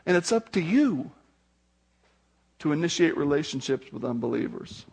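An older man, a grandfather, preaching a sermon as pastor, animated and acting out the voices of people in his stories. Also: a little high, normal speed, vocal fry, breathy edge.

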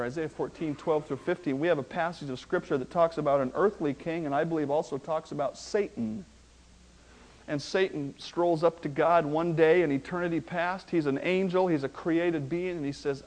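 A male pastor preaching a sermon, slowing down to stress key words and swinging between hushed asides and loud, rising emphasis. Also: a little high, rough recording. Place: church.

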